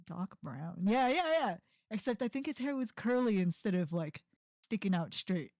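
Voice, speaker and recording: A woman's voice: medium pitch, sing-song, normal speed, a little mellow, no echo. Chatty laughing woman streamer. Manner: chatty storyteller, laughs often, lots of "like". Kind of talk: casual chat.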